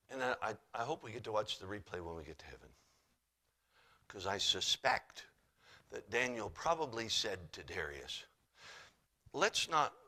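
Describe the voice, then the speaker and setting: Bright-voiced preacher, loud then hushed. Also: male voice, medium pitch. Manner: swings from loud dramatic Bible reading to quiet folksy asides. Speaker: pastor. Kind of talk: sermon.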